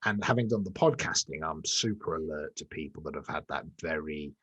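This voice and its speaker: Man, middle-aged, very low voice, dry sound, jokey rambling guest. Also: lively intonation, fairly quick, a bit bright, breathy edge, no room sound, highs cut off. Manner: self-deprecating, jokey, rambling with restarts. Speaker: guest, executive coach. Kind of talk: conversational interview. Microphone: remote call.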